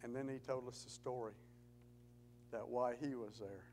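A man's voice: mid-range voice, steady tone, normal speed, darkish tone, slight background noise, poor audio. A man giving an earnest testimony talk in church, telling stories with rising emphasis. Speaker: Gideons speaker at church.

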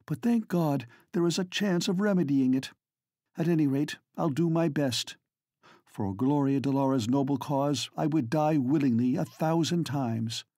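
Voiced by a man, a determined Edwardian lady of rank speaks with quiet, earnest conviction. Her voice sits well above a man's usual pitch, a touch husky, in a dry close audiobook recording. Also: a little slow, no echo. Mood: resolved. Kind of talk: audiobook character reading.

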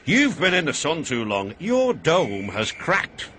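A man's voice: a little high, wildly swooping pitch, a bit bright, soft background music, pitched above the performer's own voice, heavily acted. Man doing a haughty big express engine. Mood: scornful. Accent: British. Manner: slow, haughty and dismissive.

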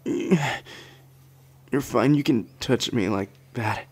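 A man voicing a shy, anxious young man in a whispered role-play, speaking softly and hesitantly. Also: mid-range voice, extremely slow, slightly rough. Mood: tender, insecure. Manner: soft, hesitant, flustered stammering. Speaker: ASMR roleplayer.

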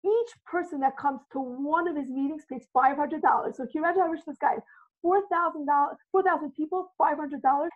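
A high-pitched woman talks eagerly about loving yourself, her voice thin and boxy like it's coming down a phone line. She tells her stories with energy and slips into the voices of the people she quotes. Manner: excited, animated, acts out quoted dialogue. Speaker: self-love coach, guest. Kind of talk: enthusiastic motivational storytelling. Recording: phone-like narrow audio.

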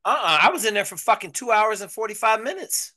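Man, host, casual chat, profane and animated, forceful tone. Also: high voice, fast talker.

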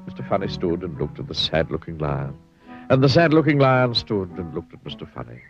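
Animated man reading a storybook aloud. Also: deep voice, a little fast, highs cut off, faint music behind. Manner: animated, giggles through the reading. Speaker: storybook narrator.

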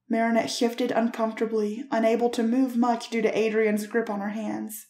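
A woman narrating a romance fanfiction story in a gentle, expressive reading voice. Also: fairly high pitch, normal speed, hardly any pauses, reverberant.

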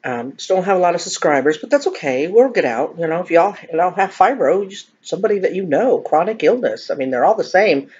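A woman's voice: fairly low pitch, expressive, a little fast, few pauses, a little mellow, slightly rough. A middle-aged woman chatting casually to viewers while eating, joking about herself. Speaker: mukbang vlogger. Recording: dull lo-fi home recording.

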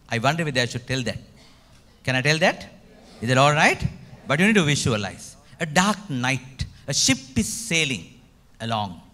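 A man's voice: a little high, bright, forceful tone. A man with a Sri Lankan accent giving a retreat talk, emphatic and full of rhetorical questions to his audience. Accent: Sri Lankan English. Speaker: retreat speaker.

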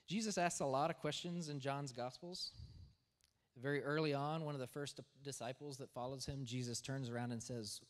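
A man's voice: mid-range voice, normal speed. A man preaching a sermon as pastor, talking in a conversational way and often checking in with "right?". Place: church sanctuary. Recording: long church reverb.

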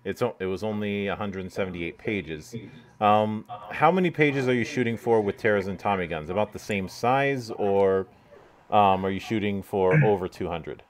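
A man's voice: fairly low pitch, moderate pace. A man hosting an interview over a video call, hesitant and full of fillers, swearing casually. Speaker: interview host.

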